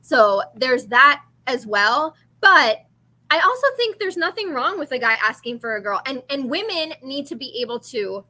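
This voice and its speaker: Bright-voiced earnest woman. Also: high voice, very animated, moderate pace. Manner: earnest, thoughtful, weighs both sides. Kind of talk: casual chat.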